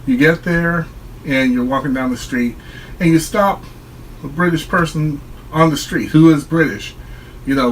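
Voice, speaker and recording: A man's voice: fairly high pitch, slight background noise, poor audio. A man talking straight to his viewers in a solo vlog, explaining his view in an earnest, reflective way. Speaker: online commentator.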